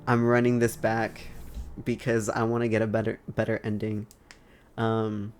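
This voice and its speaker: A man's voice: on the low side, level tone, a little slow, faint music behind. A man streaming a video game, commenting casually and laughing often. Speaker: gaming streamer.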